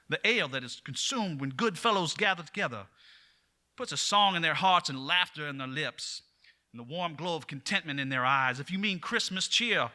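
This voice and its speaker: A man's voice: fairly high pitch, bright, forceful tone. A man voicing a Southern legislator giving a grand, declamatory floor speech with a Southern US accent. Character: booming Southern male legislator orating.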